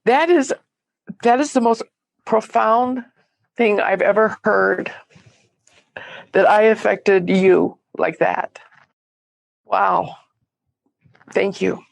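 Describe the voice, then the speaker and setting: A woman author being interviewed over a video call, speaking in an emotional, expressive way. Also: medium pitch, slow, gravelly, pauses often, no room sound. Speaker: guest author. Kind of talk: conversational interview.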